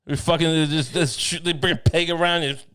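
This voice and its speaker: A man's voice: fairly high pitch, fairly even intonation, fairly quick, pushed and bright, clean tone. A man co-hosting a comedy podcast, riffing in a rambling, profane way with absurd jokes. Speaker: podcast co-host. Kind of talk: casual comedic podcast banter.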